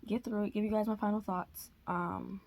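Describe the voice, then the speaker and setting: Chatty woman with a gravelly voice. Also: medium pitch, flat delivery, normal speed, a little mellow. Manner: chatty, rambling with many fillers. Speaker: reading vlogger. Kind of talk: casual vlog chat. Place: at home. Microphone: camera.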